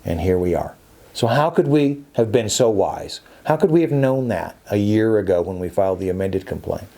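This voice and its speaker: Male attorney host, warm mellow tone, insistent and repetitive, stumbles often. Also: lowish voice, lively intonation, moderate pace, vocal fry. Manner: emphatic, repetitive, stumbles and restarts. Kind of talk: opinionated podcast monologue.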